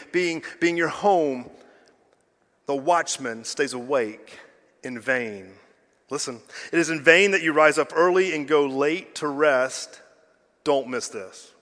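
A man, a pastor, preaching to a congregation, swinging from loud emphasis to hushed lows and talking directly to the people. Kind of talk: sermon. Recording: reverberant hall, faint music behind.

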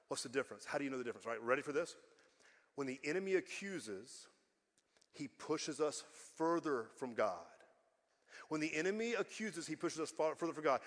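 A male pastor preaching a sermon, emphatic and repetitive, swinging between loud passages and hushed ones. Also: medium pitch, animated, moderate pace. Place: church sanctuary. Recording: long hall reverb.

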